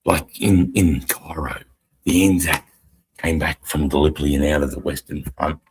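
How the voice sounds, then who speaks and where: A man's voice: extremely low pitch, fairly even intonation, normal speed, slight background noise. A middle-aged Australian man, an army veteran, talking bluntly and profanely in rambling casual chat on a live stream. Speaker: army veteran podcast co-host.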